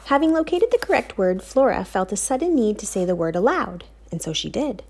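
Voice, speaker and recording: A woman narrating an audiobook in an expressive storytelling manner. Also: mid-range voice, fairly quick.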